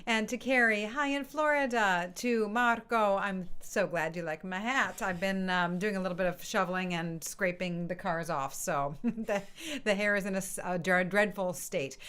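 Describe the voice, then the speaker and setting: A woman's voice: medium pitch, moderate pace, a bit bright, clean tone. A woman hosting an online music session, chatting casually and greeting the participants one by one with frequent laughs. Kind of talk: casual live-stream welcome. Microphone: computer mic on a video stream.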